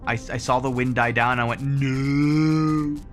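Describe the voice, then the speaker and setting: A man streaming a game live, joking and mocking himself with quick outbursts. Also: medium pitch, monotone, bright, forceful tone. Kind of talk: live gameplay commentary. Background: game music.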